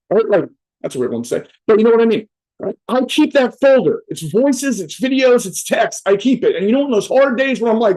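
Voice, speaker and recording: A man's voice: high-pitched, lively intonation, fast talker, darkish tone. A man giving a casual, profane motivational talk to a virtual summit over a video call. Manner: blunt, profane, conversational. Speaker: motivational speaker.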